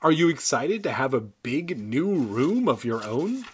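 A gentle, fussing mother from a storybook, sweet and a bit higher than the reader's own voice as a man puts her on. The voice has a husky grain and moves up and down freely. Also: very animated, a little slow, heavily acted. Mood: coaxing. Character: fussy, gentle suburban mother.

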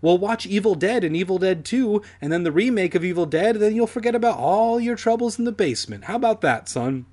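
A man's voice: high-pitched, lively intonation, fairly quick, few pauses, a little mellow, pitched above the performer's own voice. A man voicing a mild-mannered, concerned middle-aged father in a comedic book reading.

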